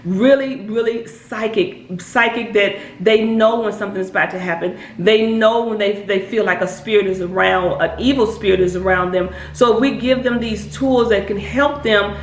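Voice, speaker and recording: A woman giving earnest, repetitive spiritual advice to parents, often pausing to check in with her listeners. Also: medium pitch. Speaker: hypnotist and spiritual advisor. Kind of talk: casual advice talk to camera. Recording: echoey room with faint background noise.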